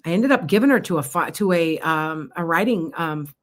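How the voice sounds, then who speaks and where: A woman's voice: lowish voice, expressive, moderate pace. A middle-aged woman, a psychic tarot reader chatting through a live-stream reading in a rambling way, with laughs and restarts.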